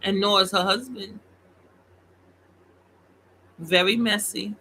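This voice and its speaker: Slow-talking opinionated commentary host. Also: female voice, mid-range voice, husky, poor audio. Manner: opinionated, animated, mocks voices. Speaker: commentary vlogger. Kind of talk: casual commentary.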